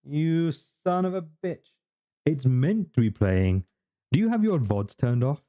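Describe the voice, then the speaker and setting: Swearing male game streamer, warm low voice. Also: sing-song, a little slow. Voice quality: swears a lot, mock-grumpy banter. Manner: greets and chats with viewers while playing. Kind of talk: casual live-stream chat.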